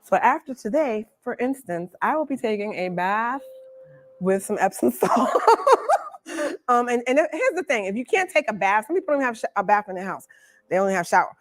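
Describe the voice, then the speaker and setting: A woman from the Bronx, New York, leads a live Reiki workshop demonstration in a library workshop room, playful, chatty and laughing often. Her voice is fairly high and very animated at normal speed, with a dry recording.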